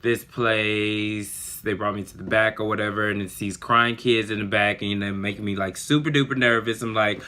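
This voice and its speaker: A man telling a story in a casual vlog, chatty and animated, full of fillers. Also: lowish voice, moderate pace, few pauses. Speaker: vlogger.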